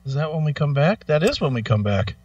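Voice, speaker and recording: A man's voice: fairly high pitch, sing-song, brisk, darkish tone, no room sound, distant mic. Chatty male co-host, dull sound. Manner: chatty, joking. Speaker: radio co-host. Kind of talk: casual banter on live radio.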